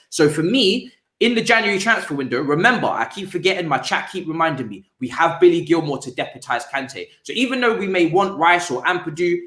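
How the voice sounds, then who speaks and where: A man hosts a casual football talk, his voice sitting a little high. He gets animated, restarting and repeating words as he builds his point. The room around him rings with echo. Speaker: podcast host.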